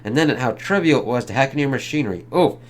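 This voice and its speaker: A man's voice: mid-range voice, animated, very fast, lightly acted. A man voicing a smug, boastful male villain inventor who gloats and sneers. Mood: gloating.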